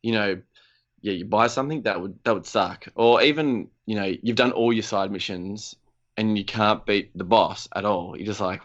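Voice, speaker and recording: A man's voice: on the low side, moderate pace, highs cut off. A man co-hosting a gaming podcast, chatting casually and rambling with lots of "like" and "um". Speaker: podcast co-host. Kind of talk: casual chat.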